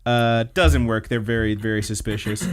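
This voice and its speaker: A podcast co-host, a man with a mid-range voice speaking at a moderate pace, casually recaps anime episodes. He's chatty and acts out the characters' lines.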